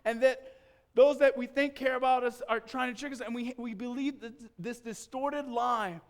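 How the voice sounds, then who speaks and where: Male pastor, animated storyteller, resonant, high-pitched. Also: normal speed. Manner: animated storyteller acting out scenes. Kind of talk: sermon with personal storytelling. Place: church.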